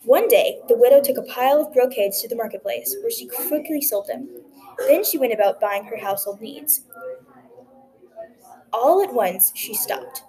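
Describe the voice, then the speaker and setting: A woman telling a folktale aloud in a gentle, expressive narrating voice. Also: a little high, normal speed, poor audio. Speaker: storyteller. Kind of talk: folktale reading.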